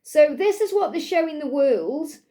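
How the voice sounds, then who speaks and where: A woman's voice: sits high, lively intonation, unhurried, mellow. A woman hosting a spiritual tarot card reading, chatty and repetitive, speaking the cards' messages aloud. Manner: chatty, repeats phrases, voices the cards' messages.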